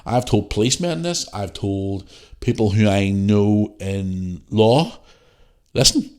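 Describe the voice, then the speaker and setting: A man's voice: fairly low pitch, slow, dark tone. A man hosting his podcast, talking bluntly and swearing freely as he rants. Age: adult parent. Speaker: podcast host. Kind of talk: casual solo podcast talk.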